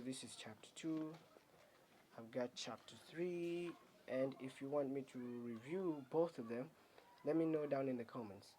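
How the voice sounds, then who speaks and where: A man reviewing his own manga chapter for a video, talking casually in a halting, rambling way full of fillers. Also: mid-range voice, warm tone, slight background noise.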